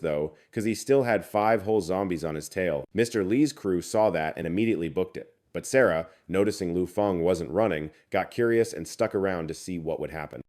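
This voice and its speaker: A man's voice: low voice, darkish tone. A man narrating a comic recap in a chatty, slangy scripted storytelling manner.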